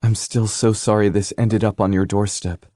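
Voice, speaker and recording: A man voicing a shaken young woman in an audiobook, speaking earnestly and softly. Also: lowish voice, little pitch movement, moderate pace, no echo, studio quality, pitched above the performer's own voice, close to an everyday voice. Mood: shaken, tender. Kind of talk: audiobook character voice.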